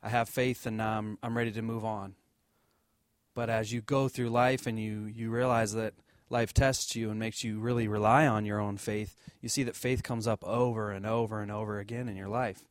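A man speaking as a church deacon, giving an earnest offering talk with fillers and restarts and a lively told story. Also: fairly low pitch, moderate pace, dry recording, clean studio sound. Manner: earnest, loose, many fillers and restarts, livens up telling a joke story.

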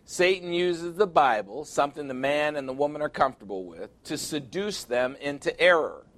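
Preaching man, emphatic and higher-pitched. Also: lively intonation, moderate pace, a bit bright. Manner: emphatic preaching with rhetorical questions and scripture reading. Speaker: pastor. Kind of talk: sermon.

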